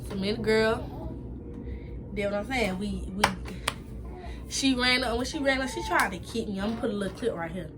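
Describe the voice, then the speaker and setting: A young woman with a New York accent, casually telling a storytime in an animated, chatty, slangy way. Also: fairly quick, pauses often, noisy background. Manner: animated, chatty, slangy retelling with repeated "boom". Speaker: vlogger.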